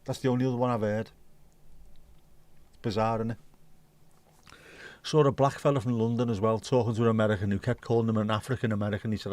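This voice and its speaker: A man's voice: on the low side, flat delivery, quick pace, long pauses, a little mellow, no room sound. An Irish man hosting a livestream, chatting casually and reading out viewer comments in a blunt, mocking way, with plenty of swearing. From Ireland. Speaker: livestream host.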